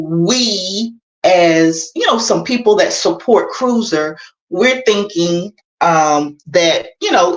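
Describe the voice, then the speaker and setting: Slow, lively-voiced woman in an echoey room. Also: lowish voice. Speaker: caller joining a livestream. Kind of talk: casual chat.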